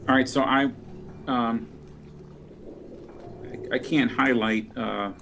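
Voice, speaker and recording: A man's voice: mid-range voice, steady tone, slow, vocal fry, background noise. A man playing a tabletop game who sounds unsure and keeps checking the rules. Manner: unsure, asks about the rules. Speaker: player.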